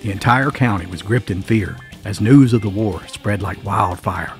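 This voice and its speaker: A man with a fairly low voice narrates a grim tale in a suspenseful, folksy storytelling manner. He punctuates the story with emphatic little asides, and soft music plays faintly underneath. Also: normal speed. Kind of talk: dramatic scripted narration.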